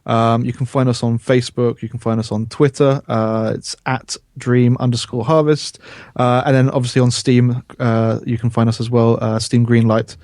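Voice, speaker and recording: A man appearing as a guest game developer, talking in a relaxed, casual way. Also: medium pitch, moderate pace, no room sound, studio quality. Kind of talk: casual chat.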